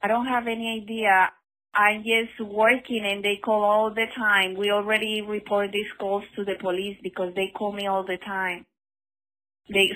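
A woman's voice: medium pitch, a bit bright, rough recording. A woman talking insistently and complaining about repeated calls.

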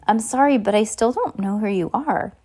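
A woman's voice: medium pitch, normal speed, dark tone, breathy edge, close to an everyday voice. A woman voicing a bewildered young boy who asks earnest, eager questions in a raised voice.

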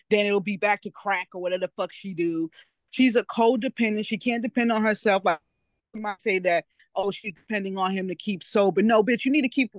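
A man's voice: high voice, no room sound. A man calling into a gossip podcast over a video call, blunt and scolding. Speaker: podcast caller.

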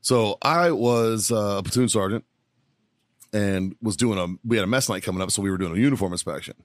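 A man's voice: lowish voice, brisk, no echo, studio quality. A middle-aged man, a podcast co-host, telling a profane story in a laughing, casual way.

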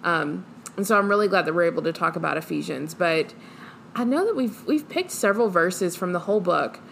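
A woman's voice: on the low side, animated, brisk, vocal fry, fairly bright tone, slight background noise. A woman co-hosting a casual Bible-study podcast, earnest and enthusiastic, with many "like"s. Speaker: podcast co-host.

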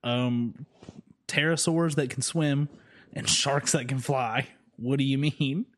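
Man, podcast co-host, casual chat, rambling, joking, fillers, middle pitch. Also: steady tone, slow pace, fairly bright tone. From Southern United States.

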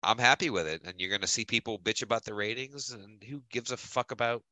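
A man's voice: medium pitch, a little fast, sharp tone, no echo, poor audio. A man co-hosting a podcast in casual chat, blunt and profane when he rants. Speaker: podcast co-host.

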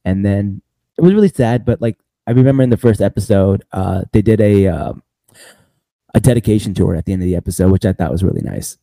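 A man's voice: lowish voice, lively intonation, quick pace, vocal fry, dark tone, dry recording. A man hosting a podcast, recapping casually in a loose rambling way, laughing often and saying "bro" a lot. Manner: laughs often between lines. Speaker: podcast host.

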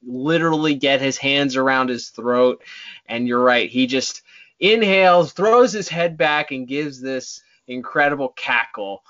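A man's voice: medium pitch, unhurried, fairly bright tone, muffled recording. A man co-hosting a podcast in casual chat, enthusiastic. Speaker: podcast co-host.

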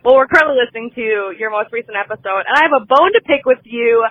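A woman's voice: a little high, animated, quick pace, dry recording. A woman from Southwest Michigan leaving a chatty, giggly voicemail for a podcast. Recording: muffled phone voicemail.

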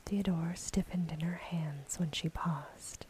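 A woman reading a fairy tale aloud in a soft, unvoiced whisper, as a bedtime story. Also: lowish voice, steady tone, slow pace, slight background noise, low-quality recording.

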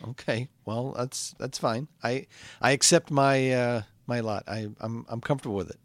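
A man's voice: mid-range voice, no room sound, natural voice. A man playing a comedy podcast host stuck in a hell studio, earnest and easily flustered. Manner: earnest, flustered, quickly excitable. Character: man trapped in a hell podcast studio, cheerful and put-upon. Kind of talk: improvised comedy sketch.

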